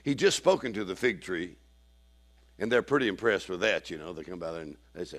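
A man preaching a sermon in church, acting out quoted people and swinging from shouting to hushed asides. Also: low-pitched, expressive, a little fast.

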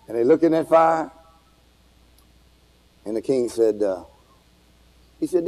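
A man preaching a fiery revival sermon to a congregation, shouting and calling for responses. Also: mid-range voice, animated, drawn-out words, pauses often, poor audio. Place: church with congregation.

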